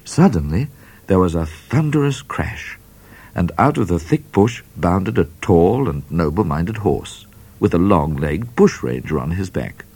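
A man reading a children's storybook aloud in a measured, expressive narration. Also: sits low, breathy edge. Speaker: reader.

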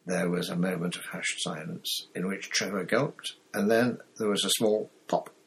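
Brief: low male audiobook narrator, measured. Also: steady tone, gravelly, a little hiss or hum. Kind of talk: audiobook reading.

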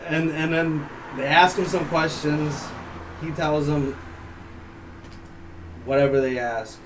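A man from Ukraine, a native Ukrainian speaker, telling a story as a podcast guest in an animated, profane way, laughing often. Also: on the high side, takes it slowly. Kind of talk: casual storytelling. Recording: distant mic, faint background noise.

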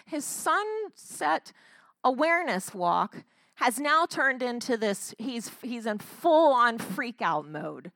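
A woman's voice: high-pitched, big pitch swings, slow pace, sharp tone, no echo. A woman giving an earnest devotional talk, retelling a story with frequent restarts. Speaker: Christian speaker.

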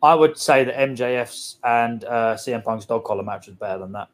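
A young man, co-hosting a casual podcast chat, excitable and sweary, rambling with lots of fillers. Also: medium pitch, fairly quick. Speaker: podcast co-host.

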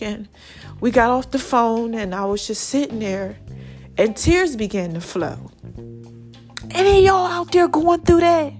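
A woman's voice: fairly high pitch, lively intonation, moderate pace, long pauses, faint music behind. A woman hosting her own podcast, chatting casually and calling her listeners y'all and baby. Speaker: podcast host. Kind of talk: casual solo podcast talk.

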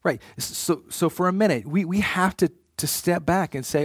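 A man's voice: sits high, normal speed, few pauses, breathy edge, no echo, clean studio sound. A man preaching a sermon in an earnest way, often repeating words as he starts a phrase.

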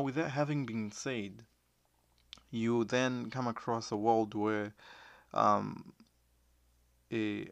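A man with a Zimbabwean Shona accent talking earnestly in a casual monologue to viewers, switching between languages, with halting restarts. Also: lowish voice, vocal fry, a bit bright, dry recording.

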